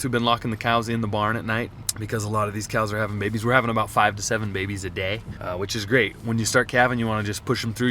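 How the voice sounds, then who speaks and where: A man's voice: lowish voice, sharp tone. A young man, a cattle rancher, talking casually to the camera while doing morning chores outdoors and in barns on a windy, cold ranch. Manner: chatty and easygoing, with small laughs and groans at the cold. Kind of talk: casual vlog narration.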